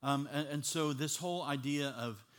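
Man preaching a lively personal testimony. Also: a little high, moderate pace. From Chicago. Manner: conversational storytelling with humor and fillers. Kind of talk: testimony sermon.

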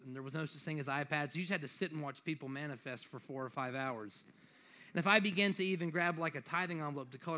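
A young male preacher with a slight lisp and a fairly high voice. He talks to the congregation in a loose, joking way, then presses his points with rising emphasis. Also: pushed and bright. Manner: conversational, joking, building to emphatic exhortation. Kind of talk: sermon.

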